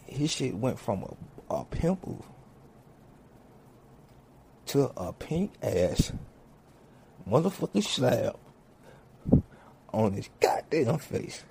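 A man's voice: medium pitch, very slow, creaky, pauses often, a little hiss or hum. A man telling a comic story full of swearing, acting out each character as he goes. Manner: swears heavily, animated, acts out each character. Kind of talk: profane comedic storytelling.

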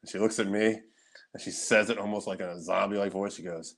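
A man co-hosting a podcast, telling stories in casual chat, animated and laughing often, with frequent swearing. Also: lowish voice, fast talker, vocal fry. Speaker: podcast co-host.

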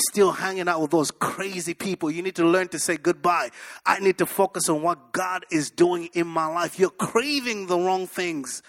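Male pastor, high bright voice, animated sermon storyteller. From abroad, moved to the US in 1998. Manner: animated storytelling, shouts at peaks. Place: church.

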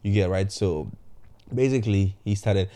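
Man, casual storytelling, low voice, dry recording, lots of "you know". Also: moderate pace, no echo. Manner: animated retelling, acts out quoted voices, frequent "you know".

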